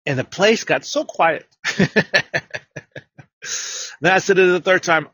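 A male preacher with a bright, forceful voice and a husky edge tells his story, often repeating himself. At times he climbs to loud, emphatic proclamations. His voice sounds close and dry. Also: on the high side, normal speed, long pauses, no echo. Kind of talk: sermon.

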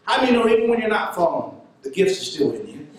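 A man preaching a sermon and telling a story in an animated way, laughing now and then. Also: high voice, fast, heavy reverb, far from the mic, low-quality recording.

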